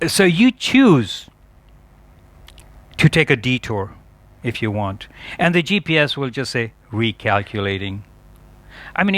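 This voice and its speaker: A man's voice: a little high, fairly bright tone. A man giving a chatty, digressive lecture at a yoga festival, laughing often at his own asides.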